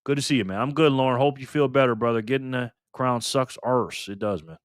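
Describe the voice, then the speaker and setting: A man's voice: medium pitch, a little fast, no echo, clean studio sound. An older man hosting a live stream in a casual, chatty way, thanking viewers by name and swearing now and then.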